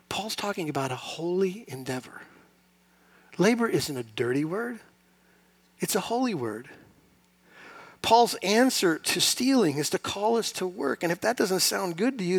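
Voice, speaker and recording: A middle-aged male pastor delivering a sermon in a church sanctuary, his voice pitched a little high for a man. He talks to the congregation in a conversational way with touches of self-deprecating humor. His delivery swings from loud, emphatic peaks down to quiet, almost confiding asides.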